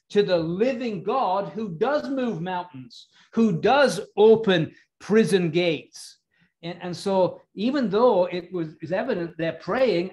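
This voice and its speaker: A man preaching a Bible sermon in a chatty way, often asking his listeners questions. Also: sits high. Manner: conversational, asks the congregation questions. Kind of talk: expository sermon.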